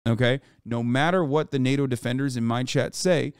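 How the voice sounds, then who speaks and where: A man's voice: mid-range voice, clear, resonant tone, no room sound, studio quality. Profane man reacting to news. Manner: profane, animated, talks back to chat; reads quotes aloud quickly. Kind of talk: casual live-stream commentary.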